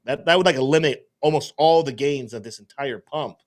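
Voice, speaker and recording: A man's voice: medium pitch, brisk. A man hosting a casual livestream, thinking aloud and rambling as he works through things. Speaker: host and trader.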